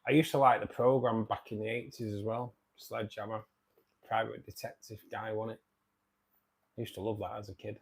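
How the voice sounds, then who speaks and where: Husky, with vocal fry and a flat delivery, the host talks a little fast in a voice on the low side. He's a man in his forties with a Manchester accent, from the city's outskirts in England, running a casual livestream where he chats matily and reads out and answers comments.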